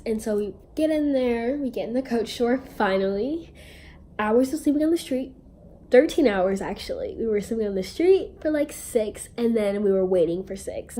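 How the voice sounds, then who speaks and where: A young woman chatting through a storytime video in a bubbly, rambling way, poking fun at herself as she goes. Her voice sits a little high, with a mellow, soft tone. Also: slight background noise. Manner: bubbly, rambling and self-mocking. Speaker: vlogger. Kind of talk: casual storytime.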